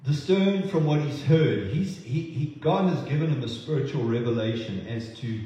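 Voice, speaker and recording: A man preaching a sermon, halting with many fillers and restarts. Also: mid-range voice, animated, dark tone. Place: church hall. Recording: echoey hall from far off.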